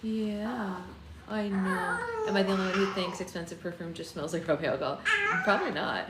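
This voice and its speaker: A young woman hosting a book club, reading a novel aloud live in a chatty way and pausing to soothe her baby. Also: fairly low pitch, heavy background noise. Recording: echoey room, faint ambience.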